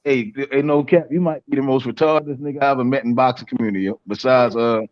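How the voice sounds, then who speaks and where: A man's voice: mid-range voice, steady tone, fast talker, no echo. A man with a Baltimore accent co-hosting a boxing show, trash-talking in a rowdy, teasing way and repeating himself. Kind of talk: rowdy trash-talk banter. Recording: dull lo-fi audio.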